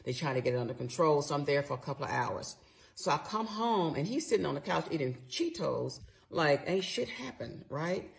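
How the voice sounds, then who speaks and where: A woman's voice: low voice, lively intonation, a little fast, vocal fry. A middle-aged woman telling a personal story in a candid, conversational way, swearing freely as she replays her side of the argument.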